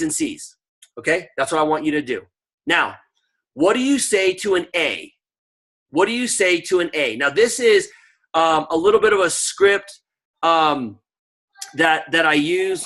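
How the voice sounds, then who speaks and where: A man with a bright, forceful voice pitched a little high runs a sales training over a video call. He coaches with emphatic energy, sprinkling in fillers and quick asides to his listeners. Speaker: network marketing trainer. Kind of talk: online sales training session.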